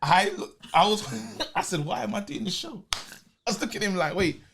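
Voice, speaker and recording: A man's voice: sits high, expressive, vocal fry, a bit bright, a little hiss or hum. Eager young man, raised voice. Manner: eager, chatty, backs the other host with rapid yeahs. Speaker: podcast co-host. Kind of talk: casual chat.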